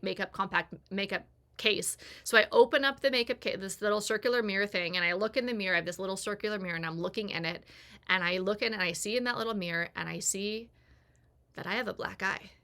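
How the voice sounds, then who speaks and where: A woman's voice: mid-range voice, bright, forceful tone. A woman in her forties telling a candid personal story to the camera, acting out the voices of people in it. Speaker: personal growth creator. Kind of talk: confessional storytelling.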